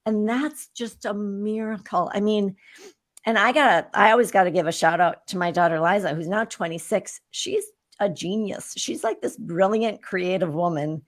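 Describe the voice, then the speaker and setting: A woman's voice: mid-range voice, normal speed. A woman in her fifties, a guest on an interview show, telling her own story candidly and with animation. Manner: animated, candid storyteller who acts out remembered exchanges.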